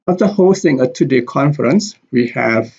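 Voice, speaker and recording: A man teaching English pronunciation, explaining stress and repeating example words slowly and deliberately. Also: medium pitch, expressive, gravelly, a little mellow, slightly rough. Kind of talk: slow explanatory lesson with spoken examples. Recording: dull lo-fi recording.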